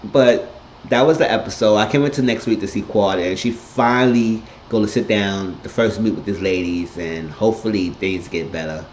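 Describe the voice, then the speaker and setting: A man recapping a TV episode in a casual monologue, blunt and profane, telling it with animated energy. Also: lowish voice, normal speed, slight background noise. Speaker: TV episode reviewer. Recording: echoey, dull lo-fi room sound.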